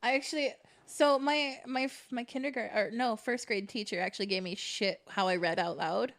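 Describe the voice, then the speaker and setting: A woman's voice: a little high, fairly quick, a bit bright. A young woman co-hosting a casual podcast, telling rambling stories and often cutting herself off mid-sentence. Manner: rambling, self-interrupting storyteller. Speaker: podcast co-host. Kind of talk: casual chat.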